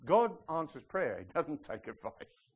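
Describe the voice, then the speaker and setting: A man's voice: fairly high pitch, very animated, a little slow, breathy edge. A man preaching a sermon as pastor of a church, in a humorous, emphatic style. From outside the US.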